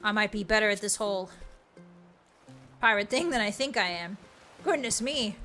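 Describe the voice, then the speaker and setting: A woman streamer giving excitable, casual commentary while playing a game, bursting into exclamations and now and then slipping into playful pirate talk. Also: medium pitch, normal speed, faint music behind.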